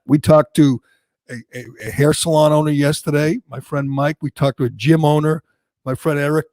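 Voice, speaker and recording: A man hosting a political talk show, ranting and mocking in angry, loud bursts. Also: fairly high pitch, steady tone, moderate pace, no echo. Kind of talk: heated political talk radio rant.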